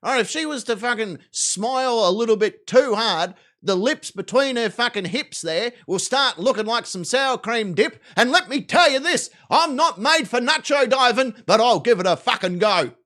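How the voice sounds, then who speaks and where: A man's voice: very high voice, expressive, moderate pace, hardly any pauses, a bit bright. A man with an Australian accent hosting a live stream, giving crude, rambling, swaggering commentary on videos.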